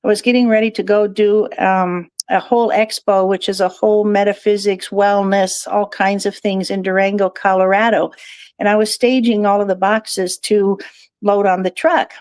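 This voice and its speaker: A woman's voice: medium pitch, flat delivery, moderate pace, darkish tone, smooth, no room sound. A woman guest talking in a chatty, digressive way and laughing often. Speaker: guest, crystal shop owner. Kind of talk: casual interview chat.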